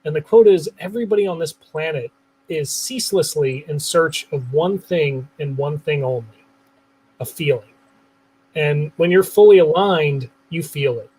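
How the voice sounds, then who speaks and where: A man's voice: a little high, normal speed, darkish tone, slightly rough, rough recording. A man hosting an interview podcast, enthusiastic and often repeating his first words. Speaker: show host.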